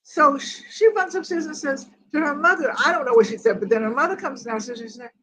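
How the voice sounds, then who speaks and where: A woman's voice: high-pitched, quick pace, hardly any pauses, a bit bright, poor audio. An older woman hosting a grief group, telling a personal story in a rambling way and quoting each conversation word for word. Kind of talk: personal storytelling in casual chat.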